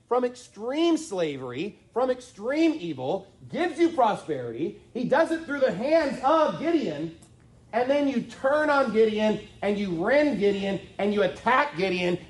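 A man preaching a sermon, emphatic and rhetorical, hammering points with repetition and sarcastic asides. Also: high voice. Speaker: pastor.

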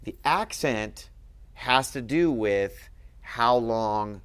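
A man's voice: mid-range voice, lively intonation, very slow, fairly bright tone, smooth. A man teaching at a board in a room, explaining patiently and checking in with frequent "okay?".

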